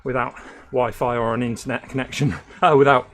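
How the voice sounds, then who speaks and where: A man's voice: mid-range voice, little pitch movement, a little fast, a bit bright. A man chatting with viewers while racing on an indoor trainer, laughing often and short of breath from riding. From United Kingdom. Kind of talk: casual chat while racing.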